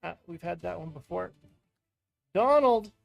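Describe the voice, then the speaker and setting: A man's voice: a little high, lively intonation, unhurried, lo-fi sound, soft background music. A man casually chatting to viewers while opening trading card packs at home, playful and talkative. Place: room at home with fans running.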